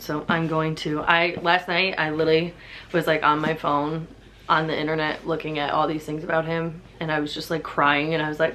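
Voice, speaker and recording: A woman's voice: low-pitched, little pitch movement, a little fast, fairly bright tone, a little hiss or hum. A woman in her twenties chatting casually in a home book vlog, filling her talk with "like". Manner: chatty, filler-heavy, says "like" constantly. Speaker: book vlogger.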